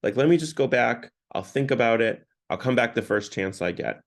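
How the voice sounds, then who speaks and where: A man's voice: medium pitch, normal speed, natural voice. A man voicing a frightened, pleading man who makes anxious excuses, in a sermon retelling. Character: frightened, pleading man clinging to his vice.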